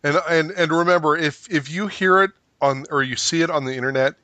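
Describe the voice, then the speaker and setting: Bright, dry-sounding male co-host. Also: fairly high pitch, dry recording, lo-fi sound. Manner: laughs along, quick interjections. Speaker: podcast co-host. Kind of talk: casual chat.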